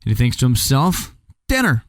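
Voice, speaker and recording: A man's voice: mid-range voice, animated, normal speed, no echo. A man telling a fairy tale casually, with chatty, joking asides to the listener. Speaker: storyteller. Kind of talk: casual comic storytelling.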